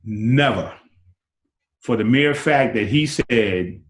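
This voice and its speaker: A man in his sixties, a former basketball player, telling stories as an interview guest and acting out quotes with big jumps in pitch. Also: slow, long pauses. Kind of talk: animated storytelling. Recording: roomy echo.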